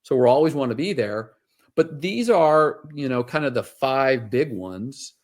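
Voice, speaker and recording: A man's voice: medium pitch, lively intonation, unhurried. A middle-aged man, a wealth advisor, telling stories in a casual interview, rambling with many fillers.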